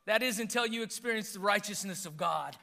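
A man preaching a sermon as pastor, swinging between hushed asides and emphatic, animated lines, in a church sanctuary. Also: high-pitched, a little fast, creaky, in a large hall.

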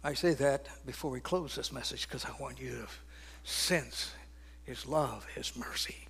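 An older man preaching a sermon, swinging from loud, ringing declarations down to hushed, almost whispered lines. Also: medium pitch, measured pace, breathy edge.

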